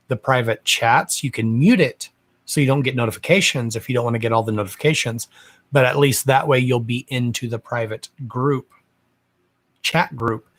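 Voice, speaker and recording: A psychic medium chats casually on a live stream from his house, his mid-range voice a bit bright. He's sassy and gossipy, curses freely, and keeps calling the people watching darling.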